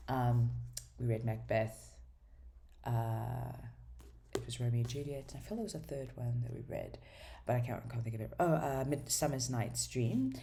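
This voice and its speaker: A woman with a strikingly low, mellow voice talks through her new books in a casual vlog. She rambles warmly from title to title, stumbling over restarts and filling gaps with ums, and is clearly eager to read them. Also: a little hiss or hum. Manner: enthusiastic about books. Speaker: book vlogger. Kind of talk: casual book haul chat.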